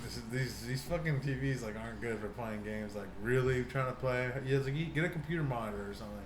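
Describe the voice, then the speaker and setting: A man's voice: mid-range voice, fast talker. Rambling, swearing young man in an echoey room. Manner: rambling storyteller, swears a lot, acts out quotes. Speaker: podcast co-host. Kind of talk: casual chat. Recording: echoey room with faint noise.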